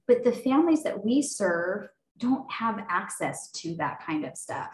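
A woman's voice: mid-range voice, sing-song, unhurried, roomy sound, rough recording. A woman from Arizona, a podcast guest, talking in an earnest, casual way with many fillers and restarts. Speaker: podcast guest, nonprofit founder. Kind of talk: casual interview chat.

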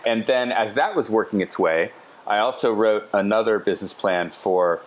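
A middle-aged man spinning a long anecdote on a podcast, his voice sitting fairly low. He talks casually and with animation, slipping in chatty asides as he goes. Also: normal speed, lo-fi sound. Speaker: podcast guest. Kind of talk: casual storytelling.

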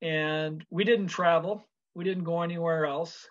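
A measured, unhurried man from Minnesota speaks as an interview guest, often pausing on "uh" fillers. His voice sits fairly high, and the audio comes through dull and lo-fi. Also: fairly even intonation. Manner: measured, with frequent uh pauses. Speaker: guest, wrestling official. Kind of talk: casual interview chat.

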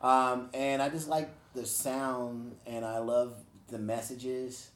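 A speaker leading a casual group discussion, asking quick questions and giving short replies. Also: medium pitch, little pitch movement. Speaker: discussion leader. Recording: roomy with faint background noise.

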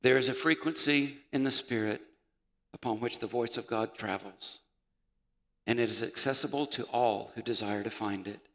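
A male pastor preaches in a church sanctuary, his mid-pitched voice carrying some gravel. The room gives it a long, ringing reverb. He swings from loud calls to hushed, almost whispered lines. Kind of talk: sermon.

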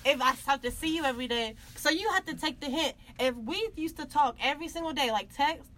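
A woman's voice: high voice, brisk, a bit bright. A young woman, a student, chatting casually in blunt, wry slang. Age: young adult. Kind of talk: casual group chat.

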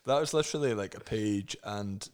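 Casual male comedy co-host, low voice, laughing and animated. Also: normal speed, clean tone. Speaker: podcast co-host.

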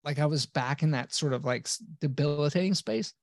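A man's voice: a little high, brisk, gravelly, no room sound, studio quality. A man telling his own story casually as a guest, blunt and profane, acting out his old replies.

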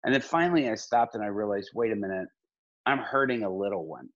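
A middle-aged man with a fairly low voice talks earnestly in a relaxed podcast chat, circling back and restarting his sentences often. The recording sounds somewhat dull and lo-fi. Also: quick pace. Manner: earnest, rambling with many restarts. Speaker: pastor and podcast guest. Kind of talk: casual conversation.

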